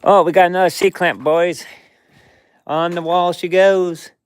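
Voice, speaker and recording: Slow and rambling, a vlogger narrates his workshop cleanup, speaking both to himself and to his dog in casual running commentary. His voice is high and smooth with a level tone, and there's no room sound.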